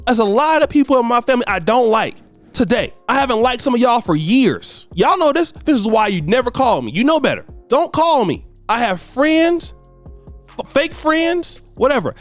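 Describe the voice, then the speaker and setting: A man's voice: very high-pitched, very animated, normal speed, no echo, soft background music. A man hosting a celebrity gossip show, giving blunt, scolding commentary full of slang. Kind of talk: ranting commentary.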